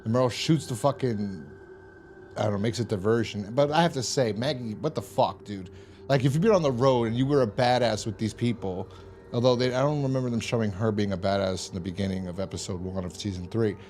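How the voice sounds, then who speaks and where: Low-voiced profane man recapping TV. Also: brisk, a little mellow, a little hiss or hum. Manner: rambling, profane, exasperated asides. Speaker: TV episode reviewer. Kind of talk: casual episode recap.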